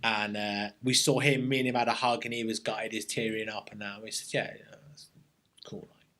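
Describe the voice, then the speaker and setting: A man, an army veteran and guest, telling a story in a relaxed interview, reflective and full of army slang, often restarting his sentences. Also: fairly low pitch, brisk.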